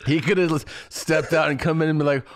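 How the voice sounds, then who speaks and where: A man's voice: a little high, steady tone, a little fast, heavy background noise. A man co-hosting a casual podcast, teasing and reacting with lots of laughter. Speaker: podcast co-host. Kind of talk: casual banter.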